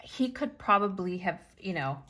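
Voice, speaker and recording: A woman's voice: mid-range voice, moderate pace. A woman hosting a planning channel, telling a chatty story and acting out the dialogue. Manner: animated storyteller who acts out quoted dialogue.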